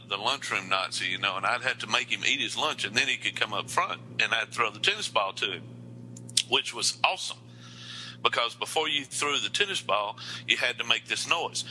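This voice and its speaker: A man's voice: mid-range voice, sharp tone, slight background noise, poor audio. A man, a podcast co-host and former teacher, telling a story in casual chat and laughing as he goes.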